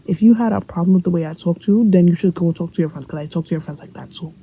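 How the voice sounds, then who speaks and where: A young woman from Brooklyn with a New York accent tells a casual storytime for her vlog, blunt and profane, playing out everyone's lines as she goes. Her voice is dark and gravelly, with a faint hiss of room noise behind her. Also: lowish voice, fairly even intonation, fast, rough recording. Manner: blunt, profane and joking, acts out the other people's lines. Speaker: vlogger telling a story.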